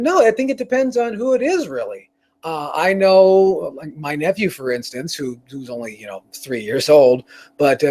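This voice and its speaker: Brief: male show host, higher-pitched voice, loose profane rambling rant delivery. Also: darkish tone. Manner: profane, rambling, with frequent restarts. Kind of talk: casual rant on a live stream.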